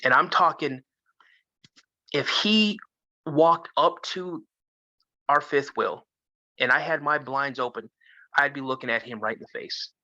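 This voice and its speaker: A man from Minnesota, a guest telling a story in a casual, animated way. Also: fairly high pitch, unhurried, pauses often, no room sound. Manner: animated, acts out the voices of others. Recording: dull lo-fi sound.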